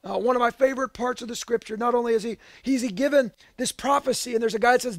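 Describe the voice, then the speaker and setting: A pastor preaching a sermon in an earnest, emphatic way, mixing casual asides with bursts of raised voice. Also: male voice, extremely high pitch, a little fast, few pauses, no echo.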